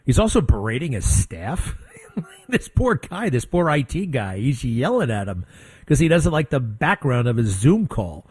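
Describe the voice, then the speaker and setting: A middle-aged man hosting a radio talk show, blunt and sarcastic, mocking people with quick impressions. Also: mid-range voice, sing-song, darkish tone, husky, no room sound. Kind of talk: opinionated talk radio monologue.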